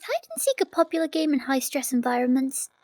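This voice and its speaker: A woman's voice: high-pitched, very animated, fairly quick, dark tone, no room sound. A woman playing a tabletop game, tentative and stammering in casual talk. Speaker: player.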